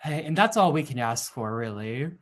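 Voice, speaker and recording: A man's voice: mid-range voice, expressive, moderate pace. A man co-hosting a podcast, reacting and joking bluntly in casual chat. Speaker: podcast co-host.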